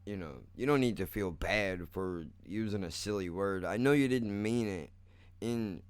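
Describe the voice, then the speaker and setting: A man's voice: lowish voice, a little slow, clean tone. A young man hosting a casual solo podcast, rambling and self-mocking, swearing often and calling the listener "dude.". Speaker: podcast host.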